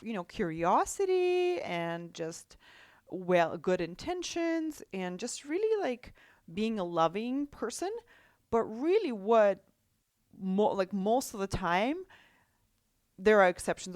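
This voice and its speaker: A woman's voice: mid-range voice, no echo, clean studio sound. A woman hosting a solo podcast as a life coach, talking casually with many restarts and a habit of asking "right?". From Russia.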